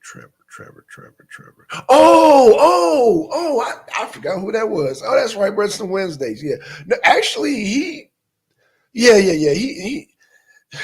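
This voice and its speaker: A man's voice: a little high, slightly rough. A man hosting a live stream, chatting casually with viewers, reading out chat names and firing off questions. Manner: animated, bursts into shouted questions, mutters to himself.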